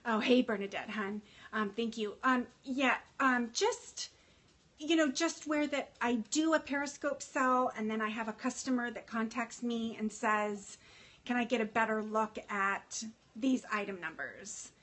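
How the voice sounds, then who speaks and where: A woman's voice: a little high, unhurried, fairly bright tone. A woman chatting casually on a livestream as a fashion consultant, emotional and full of fillers, greeting viewers by name.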